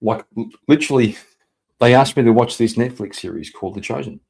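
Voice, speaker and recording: A male livestreamer with a middle-pitched voice talks casually to his chat. He rambles, laughs a lot and swears freely. Now and then he bursts out loud and excited. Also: brisk, creaky. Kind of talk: casual livestream chat reading viewer messages.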